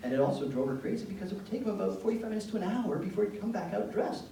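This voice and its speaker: A man giving an educational talk to parents, telling anecdotes in an animated, joking way. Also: sits high, rapid-fire, creaky. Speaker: presenter speaking to parents. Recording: echoey room from far off, faint background noise.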